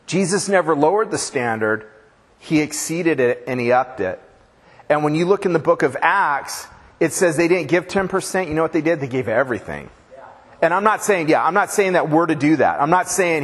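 A man's voice: fairly high pitch, animated, moderate pace, breathy edge. A man preaching a sermon as pastor, casual and joking, with slangy storytelling. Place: church with a long reverb. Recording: church hall reverb.

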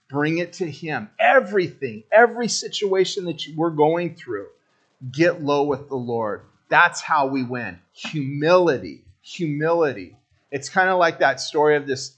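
Casual higher-voiced male pastor preaching. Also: fairly bright tone. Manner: casual, joking, addresses the congregation directly. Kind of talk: sermon.

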